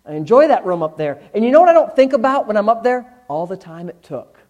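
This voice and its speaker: A man's voice: high-pitched, very animated, fast, lo-fi sound. Candid, conversational male preacher. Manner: candid, conversational preaching with swings from loud to hushed. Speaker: pastor. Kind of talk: sermon. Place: church in front of a congregation.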